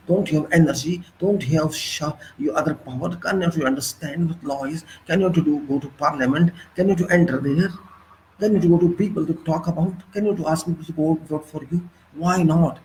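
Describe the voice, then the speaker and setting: A man's voice: a little high, a little fast, warm tone, slight background noise, rough recording. A man in his sixties with an Indian English accent gives an impassioned political monologue, hammering the listener with rhetorical questions. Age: 60s. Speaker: political commentator.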